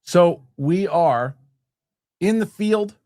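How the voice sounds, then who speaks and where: Male host in his forties, animated, heated storyteller, swears freely, slightly high voice, dry close sound. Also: very slow, no room sound. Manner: heated, animated, swears, acts out quoted people. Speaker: show host. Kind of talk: casual storytelling rant.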